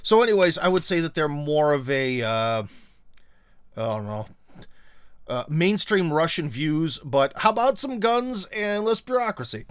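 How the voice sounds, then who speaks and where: A man's voice: on the high side, expressive, measured pace, smooth, no room sound, studio quality. A man hosting a casual political commentary monologue, rambling with many fillers and restarts, and often sarcastic.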